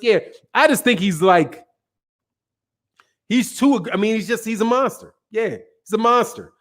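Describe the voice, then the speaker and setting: Brash, high-voiced man talking boxing. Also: a little slow, pauses often. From Chicago. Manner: brash, profane, emphatic, repeats himself. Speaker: boxing talk show host answering viewer chat. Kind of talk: casual live-stream chat.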